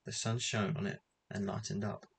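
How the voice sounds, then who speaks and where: A man reading a children's adventure book aloud in an even, measured way. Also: lowish voice, creaky, a little hiss or hum. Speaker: reader.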